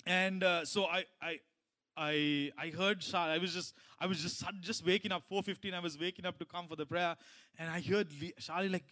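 Bright, high-voiced man preaching casually. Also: steady tone, a little fast. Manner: conversational, many restarts and asides. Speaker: pastor. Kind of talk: sermon with personal story.

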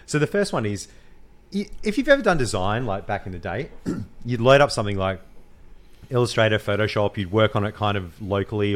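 An Australian man co-hosting a podcast, bantering in a casual, matey way. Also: fairly low pitch. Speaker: podcast co-host. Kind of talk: casual chat.

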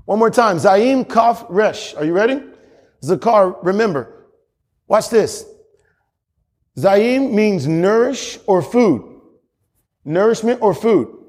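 A man's voice: high voice, animated, slow pace, long pauses, a little mellow. Man preaching in a reverberant hall. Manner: emphatic preaching with repetition and chuckles. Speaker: pastor. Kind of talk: sermon.

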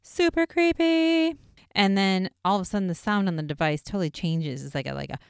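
A woman casually recapping an episode in a chatty, excitable way, full of "like" fillers. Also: sits low, fast talker, gravelly, clear, resonant tone, dry recording, clean studio sound.

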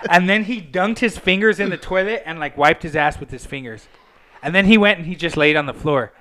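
A young man from Pasadena, California, telling profane stories in a casual, animated way as a guest. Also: a little high, brisk. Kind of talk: casual storytelling.

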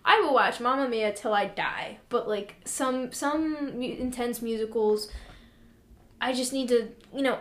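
Young woman podcast co-host, rambling and sarcastic, slightly high voice, echoey room. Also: measured pace, fairly bright tone. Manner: rambling, sarcastic, many fillers. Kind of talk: casual podcast chat.

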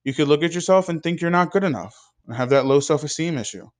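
A young man giving a scripted devotional talk with an earnest, measured preaching cadence. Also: a little high. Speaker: speaker in a devotional video.

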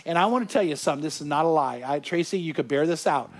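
Earnest, animated male pastor, higher-pitched. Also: fast. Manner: earnest and animated, with frequent restarts and repetition. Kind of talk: sermon.

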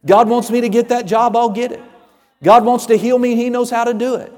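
A man preaching a sermon with fervor, building to shouts and acting out voices of Bible figures. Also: very high voice, level tone, a little fast, in a large hall.

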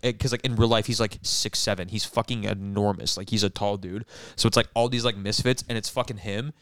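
A man's voice: fairly low pitch, steady tone, fairly quick, a bit bright, clean tone, dry recording. A young man chatting with friends, racing through a rambling story, acting out the lines of the people in it and swearing as he goes. His voice is dry and close, with little room sound. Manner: rambling storyteller, acts out quotes, swears a lot. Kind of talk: casual chat among friends.

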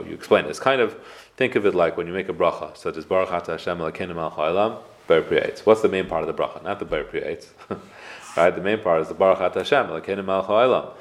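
A man teaching a casual Torah class, explaining prayers with rhetorical questions. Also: low voice. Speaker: rabbi giving a class.

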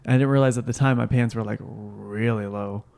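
A man's voice: lowish voice, steady tone, brisk, gravelly, a little mellow. A young man and podcast co-host, making dry teasing remarks in casual chat.

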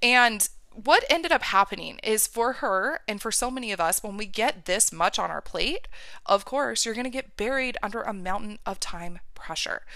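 Direct, bright-voiced woman coach. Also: medium pitch, lively intonation, moderate pace, no room sound. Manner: emphatic, casual, direct, with the odd swear word. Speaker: life coach. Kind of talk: podcast coaching talk.

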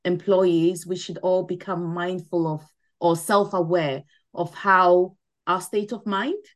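A middle-aged woman with a slightly low voice talks as a guest in a casual interview. She explains her points earnestly, circles back to make herself clear, and keeps adding "you know". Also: steady tone, slow. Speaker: podcast guest, mental wellness ambassador.

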